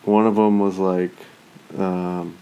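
Speaking slowly in a deep, clean-toned voice through lo-fi sound, a thirty-something man tells stories in casual chat. They're animated and full of profanity, with quotes he acts out and asides he voices.

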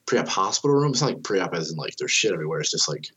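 Deep husky man telling a story. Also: very animated, very fast, fairly bright tone, dull audio. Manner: swears a lot, fillers like "like", acts out dialogue. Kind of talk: casual storytelling.

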